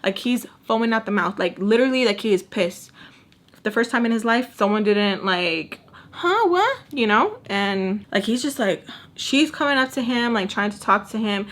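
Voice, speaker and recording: A woman's voice: medium pitch, moderate pace, fairly bright tone. A young woman telling a storytime, chatty and sassy, acting out what people said. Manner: chatty, sassy, acts out quotes. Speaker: storytime vlogger. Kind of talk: casual storytime.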